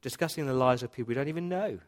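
A man's voice: medium pitch, rapid-fire. Earnest male pastor preaching. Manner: earnest, emphatic repetition. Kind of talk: sermon. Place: church.

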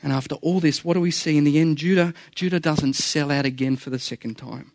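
A man's voice: a little high, brisk, darkish tone, no echo, clean studio sound. A man preaching a sermon in an earnest, conversational way, often repeating phrases for emphasis.

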